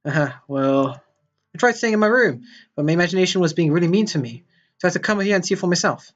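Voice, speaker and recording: A man voicing a cheerful but fragile young girl from a game, speaking high and wavering as if near tears. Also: lively intonation, fast, a bit bright, highs cut off. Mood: sweet, wistful.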